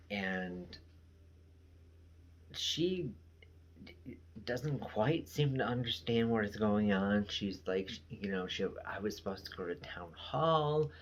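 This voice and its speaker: Low, slow-talking man recapping a show. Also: dull audio, a little hiss or hum. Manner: rambling, with many fillers and trailing asides. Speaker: show reviewer. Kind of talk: casual episode recap.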